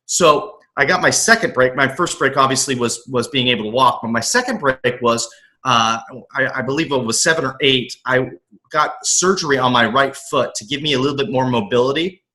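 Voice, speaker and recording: Bright-voiced earnest man telling his story. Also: medium pitch, fairly quick. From US West Coast. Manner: earnest, animated, acts out his own past thoughts; frequent restarts and repeated words. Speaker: motivational coach, podcast guest. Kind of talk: casual interview storytelling.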